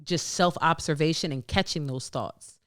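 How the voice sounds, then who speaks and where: A young adult woman co-hosting a podcast, talking candidly in a casual chat, swearing freely and often laughing, and dropping to a low, hushed tone when she quotes her inner voice. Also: moderate pace, no echo, studio quality. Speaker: podcast co-host.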